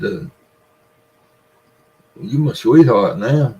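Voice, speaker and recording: Speaking slowly and expressively, this older Southern US man has a lowish, slightly mellow voice. He's a livestream host swapping folksy stories and reading comments from viewers in a relaxed chat, though the audio is poor.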